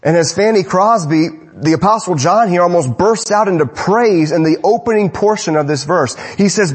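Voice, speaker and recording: A man preaching an evening sermon, rising to emphatic lines and dropping to hushed, low endings, repeating phrases for emphasis. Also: normal speed, few pauses, slightly rough.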